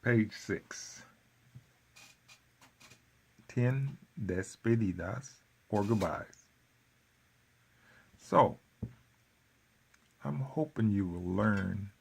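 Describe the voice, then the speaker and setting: A man teaching a workbook lesson, repeating phrases slowly with folksy asides. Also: lowish voice, creaky, slightly rough. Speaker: Spanish teacher.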